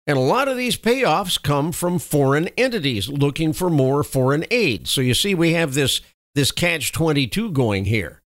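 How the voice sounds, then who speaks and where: Lively, emphatic American commentary man. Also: on the high side, no echo, clean studio sound. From United States. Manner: editorializing, emphatic asides. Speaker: political commentator. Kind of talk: opinionated monologue reading news.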